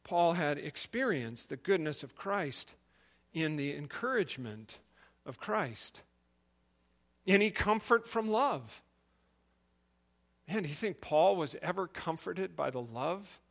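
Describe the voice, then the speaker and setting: A man's voice: high-pitched, sharp tone. A male preacher giving a sermon, retelling a story and asking the listeners questions.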